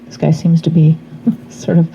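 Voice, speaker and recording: A slightly hoarse woman reading tarot cards in a casual vlog, talking in a chatty, meandering way that trails off into fillers. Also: sits low, little pitch movement, normal speed, warm tone, muffled recording, slight background noise. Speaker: tarot reader.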